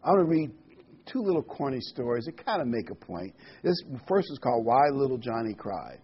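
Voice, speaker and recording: A pastor preaches a Bible study sermon, reading scripture aloud, cracking jokes, and stressing key words. His medium-pitched voice is very animated, brisk, and breathy-edged, on a dull lo-fi recording.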